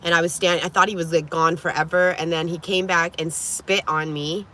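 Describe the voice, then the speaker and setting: A woman vlogger telling a story to camera in an animated, profane way, laughing and coughing often. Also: on the low side, moderate pace, a little hiss or hum.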